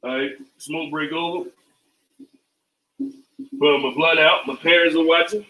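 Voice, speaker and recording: Male cooking host, slightly high, loose and repetitive, heard from a distance in a roomy kitchen. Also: fairly even intonation, unhurried, pushed and bright. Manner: loose, repetitive, chanting phrases. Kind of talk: casual cooking demo. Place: home kitchen. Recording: echoey kitchen, mic at a distance.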